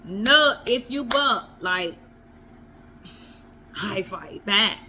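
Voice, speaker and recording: A woman's voice: medium pitch, animated, extremely slow, sharp tone, a little hiss or hum. A woman vlogger giving blunt, emphatic relationship advice in a casual monologue. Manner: blunt, emphatic, repeats herself for effect.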